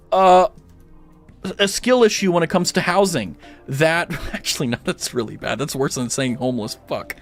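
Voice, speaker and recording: Animated, chatty young male streamer. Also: sits high. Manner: rambling, self-mocking jokes, chatty with viewers. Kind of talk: casual chat while gaming.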